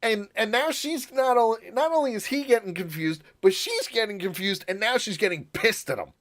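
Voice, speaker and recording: A man co-hosting a casual podcast, recapping an episode in an animated way, laughing and slipping into voices for quotes. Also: sits high, moderate pace. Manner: animated, laughing, puts on voices when quoting. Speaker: podcast co-host.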